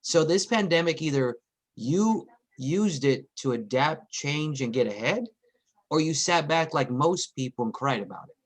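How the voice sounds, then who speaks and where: Texan man, 40s, lively storyteller on a group call. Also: on the high side, measured pace. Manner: animated, acts out family members' voices. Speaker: meeting participant.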